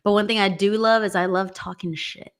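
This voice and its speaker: A woman's voice: medium pitch, fairly even intonation, brisk, smooth. A woman co-hosting a podcast, chatty and candid, telling stories with laughs. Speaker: podcast co-host. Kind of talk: casual chat.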